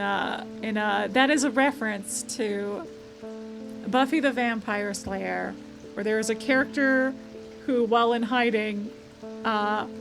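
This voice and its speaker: A young woman streamer talks through a puzzle game, musing aloud and reading text with small restarts. Her voice sits a bit high, with game music playing clearly underneath. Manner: chatty, thinks aloud, reads text aloud with self-corrections and laughs. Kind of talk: game let's play commentary. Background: background game music.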